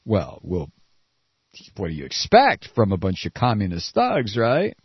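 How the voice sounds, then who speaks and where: A man giving sarcastic political commentary while reading a news article, with mocking asides. He swings from shrill mock surprise to low muttering. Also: wildly swooping pitch, measured pace, breathy edge, dry recording. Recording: dry, dull lo-fi audio.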